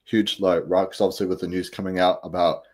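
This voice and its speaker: Male host, lowish voice, chatty and rambling, lots of "you know". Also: flat delivery, fast talker, darkish tone. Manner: upbeat, rambling with many fillers. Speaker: podcast host. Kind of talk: casual chat.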